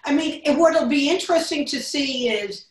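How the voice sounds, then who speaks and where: A woman's voice: high-pitched, normal speed. A woman hosting a bookstore author interview, reading a prepared introduction and then asking questions. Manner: reads a scripted introduction, then asks questions. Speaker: bookstore event host. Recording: echoey room, distant mic.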